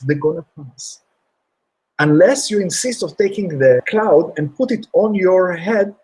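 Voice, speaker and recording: Animated man telling motivational stories. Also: mid-range voice, breathy edge, rough recording. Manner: animated, acts out shouts in stories. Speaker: guest speaker. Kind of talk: motivational storytelling.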